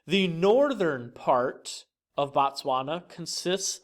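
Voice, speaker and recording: A man teaching a recorded geography lesson in a clear, lively teacher's voice, with fillers like uh and um. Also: fairly high pitch, slow pace.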